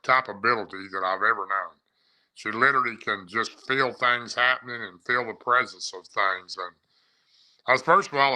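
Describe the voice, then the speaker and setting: A man's voice: mid-range voice, sharp tone, poor audio. A man telling his own encounter story in a casual, rambling way, often repeating and restarting his phrases. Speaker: eyewitness recounting an encounter. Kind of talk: casual first-person storytelling.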